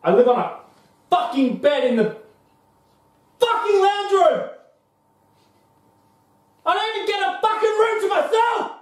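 A hot-tempered broke young waiter, played by a man, swearing freely and flaring up fast. His voice sits high and swings widely in pitch. It sounds distant, in a very echoey room. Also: expressive, darkish tone. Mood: irritated. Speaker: actor in a comedy short.

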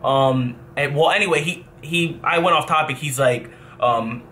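In a fairly high-pitched voice at normal speed, a young man from New Jersey, a professional gamer, spins an animated, rambling story for his casual vlog. He backtracks and swears along the way, with slight background noise.

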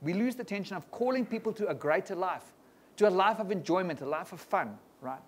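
A man preaching a sermon to a congregation in a lively style, often tagging on quick questions to the room. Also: sits high, husky. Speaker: pastor. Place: church hall before a congregation.

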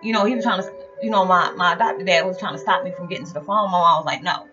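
A woman's voice: on the low side, fast. A middle-aged woman telling a personal story in a casual, chatty way, full of "you know" fillers. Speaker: storyteller vlogger. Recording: dull lo-fi with background music.

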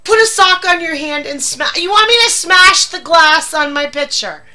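A woman's voice: very high voice, moderate pace, pushed and bright. A woman streaming live, panicking, swearing and laughing in fits.

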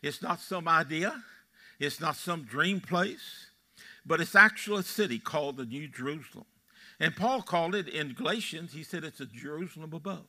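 Folksy old Texan pastor, bright voice. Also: male voice, fairly high pitch, animated, normal speed. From Texas. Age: 80s. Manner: folksy storytelling, quizzing the congregation. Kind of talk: sermon. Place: church sanctuary.

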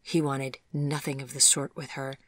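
A gentle, measured audiobook narrator reading a storybook tale at a middle pitch. The delivery is even and unhurried, recorded close and dry. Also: no room sound.

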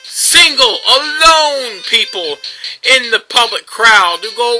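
A young man hosting a gameplay video, ranting sarcastically and mocking others in squeaky put-on voices. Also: lively intonation, slow, bright, forceful tone, soft background music, poor audio. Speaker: gaming video host.

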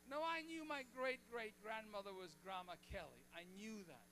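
A man's voice: high voice, animated, moderate pace, bright, forceful tone, slight background noise. An older man preaching a sermon in church, telling stories in a joking, folksy way. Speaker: pastor.

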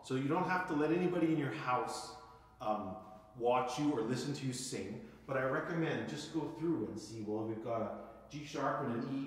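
A man teaching viola, calling out counts, accents and dynamics as he demonstrates, then explaining calmly. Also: medium pitch, moderate pace, loud music behind the voice. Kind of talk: instructional music lesson. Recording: echoey room with viola playing. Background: viola playing.

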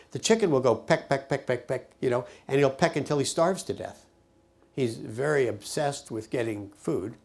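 An older man recounting his peace work in a lively storytelling manner, acting out the voices of the people he quotes. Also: medium pitch. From United States. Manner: animated storyteller, acts out quoted speech. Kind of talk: personal storytelling to camera.

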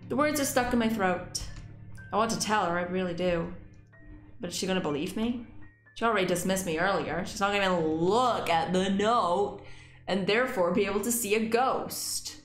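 A woman gaming YouTuber reading a visual novel aloud and reacting, excitable and swearing freely. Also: moderate pace, echoey room, faint music behind. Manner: excitable, swears freely, squeaks when frustrated.

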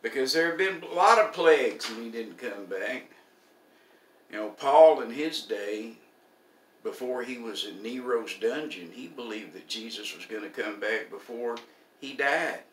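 Older male preacher, folksy sermon voice, bright tone, set back from the mic in a roomy space. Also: medium pitch, expressive, measured pace, recorded from a distance. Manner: folksy, homespun humor.

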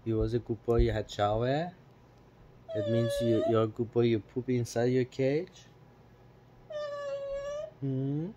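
A man coaxing his pet cockatoo in sing-song baby talk, asking the same gentle questions over and over. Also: medium pitch, unhurried, pauses often, lo-fi sound, a little hiss or hum. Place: home with a pet bird.

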